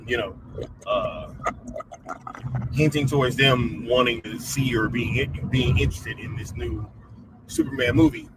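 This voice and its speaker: A man's voice: mid-range voice, sing-song, measured pace, gravelly, pauses often. A man ranting casually from a moving car, rambling and swearing with lots of fillers. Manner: rambling, profane, filler-heavy. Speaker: content creator. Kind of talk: casual rant while driving. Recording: distant mic with road noise.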